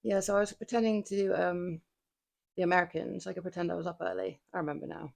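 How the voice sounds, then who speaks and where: A woman's voice: fairly low pitch, fairly even intonation, quick pace, vocal fry, darkish tone. A woman livestreaming from her home gym, chatting casually with viewers between lifts, laughing often and swearing now and then. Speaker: livestreamer working out.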